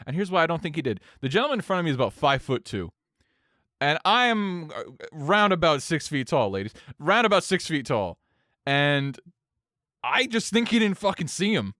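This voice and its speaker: A young man telling a long story in casual podcast chat, animated and swearing freely. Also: fairly high pitch, brisk, no echo, clean studio sound. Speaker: podcast co-host.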